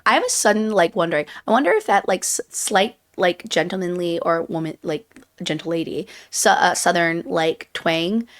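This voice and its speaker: A woman's voice: on the low side, animated, normal speed. A woman co-hosting a casual chat, wandering off on tangents with self-deprecating laughs. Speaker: podcast co-host.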